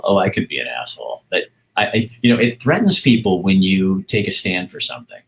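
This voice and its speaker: A middle-aged man with a very low, deep voice chats loosely to a live-stream audience. He rambles, pauses on fillers and greets viewers by name between his thoughts. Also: big pitch swings, gravelly, low-quality recording. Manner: rambling, hesitant, reads out viewer comments. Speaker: vlogger hosting a live stream. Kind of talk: casual live-stream chat.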